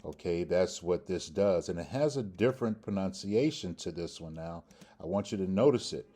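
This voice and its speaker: A man teaching a Hebrew grammar lesson, repeating each word slowly to drill its pronunciation. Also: sits low, lively intonation, mellow, breathy edge. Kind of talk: slow spoken grammar lesson.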